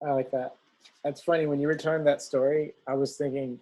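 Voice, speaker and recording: A man's voice: fairly high pitch, level tone, brisk, mellow, poor audio. A man interviewing a coach in casual, agreeable chat.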